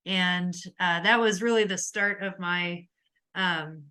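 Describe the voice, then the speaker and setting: A woman's voice: lowish voice, slow pace, bright, forceful tone, clear, resonant tone. A woman in her forties co-hosting a webinar over a video call, chatty and hesitant, with many ums and likes. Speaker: webinar co-host. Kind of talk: casual webinar talk.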